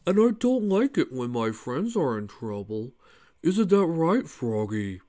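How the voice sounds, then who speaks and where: A fan reader voicing a big, gentle male cat, speaking slowly and simply. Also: mid-range voice, very animated. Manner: slow, simple, kindly.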